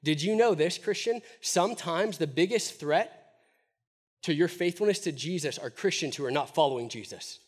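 A man preaching a sermon in an animated, emphatic way, often asking his listeners rhetorical questions. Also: a little high, moderate pace, husky.

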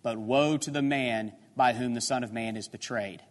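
A man preaching a sermon, emphatic and animated, firing off rhetorical questions. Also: medium pitch, normal speed. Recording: long hall reverb.

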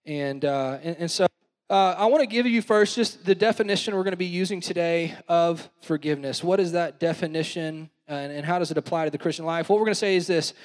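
A young adult man, a pastor, preaching a sermon in a lively storytelling way and leading the congregation in call-and-response. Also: fairly high pitch, a little fast. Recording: long hall reverb.

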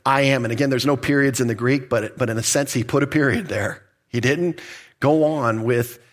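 A man's voice: medium pitch, normal speed. A man, a pastor, teaching through a Bible passage in a conversational, emphatic preaching style with light laughs. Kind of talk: expository sermon.

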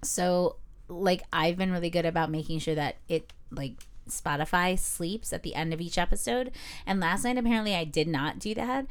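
A woman co-hosting a casual podcast, telling stories in an animated way and swearing freely. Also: lowish voice, clear, resonant tone. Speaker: podcast co-host. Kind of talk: casual chat.

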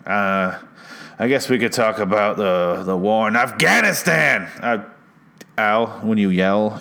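A man's voice: on the low side, expressive, a little slow, gravelly, pushed and bright. Rambling, sarcastic man hosting a podcast. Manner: rambling, sarcastic, self-mocking. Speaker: podcast host. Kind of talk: comedic podcast monologue. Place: podcast studio. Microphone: studio mic with headphones.

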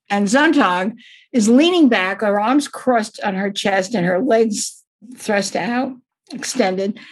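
An older woman author telling wry anecdotes in an interview, laughing often as she talks. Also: medium pitch. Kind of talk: reflective interview storytelling.

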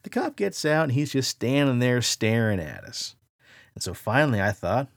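A man hosting a podcast, spinning a dramatic first-person yarn with a gravelly, creaky edge and a voice that swoops up and down. He sounds close and dry on the mic, with no room around him. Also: mid-range voice, normal speed, dry recording. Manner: animated, acts out quoted voices. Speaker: podcast host.

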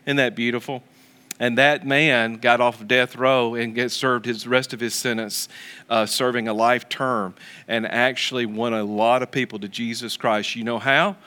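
Man, pastor, sermon, earnest storytelling, crisp clear tone. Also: mid-range voice, bright, forceful tone. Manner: earnest, storytelling with many restarts.

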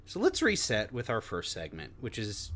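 A man's voice: on the low side, huge pitch swings, normal speed, fairly bright tone, a little hiss or hum. A man hosting a casual podcast, talking in a laid-back, wry way and often trailing off mid-sentence. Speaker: podcast host.

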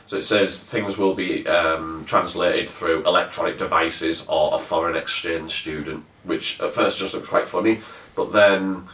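Deep, bright-toned man reviewing a film. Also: fairly even intonation, unhurried, hardly any pauses. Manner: rambling, hesitant with many fillers. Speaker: podcast host reviewing a film. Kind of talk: casual film review chat. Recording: echoey room, far from the mic.

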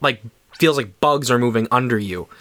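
A man casually telling an animated story, full of fillers like "like" and "um". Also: mid-range voice, moderate pace, no room sound.

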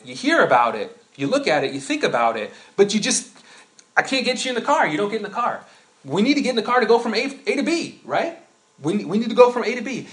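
A man preaching a sermon in a conversational way, building into animated storytelling. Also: sits high. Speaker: pastor.

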